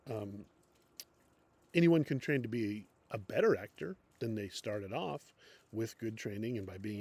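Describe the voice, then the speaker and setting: A man's voice: on the low side, a little mellow, breathy edge. A middle-aged man giving an unscripted acting lecture as a teacher, with many fillers and restarts. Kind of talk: classroom lecture.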